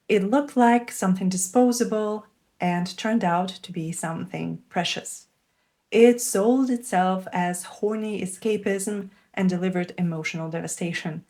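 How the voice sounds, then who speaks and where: A woman's voice: mid-range voice, a little mellow. Woman reviewing a show. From Russia. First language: Russian. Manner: wry, candid and enthusiastic. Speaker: TV show reviewer and English teacher. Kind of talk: scripted video essay commentary.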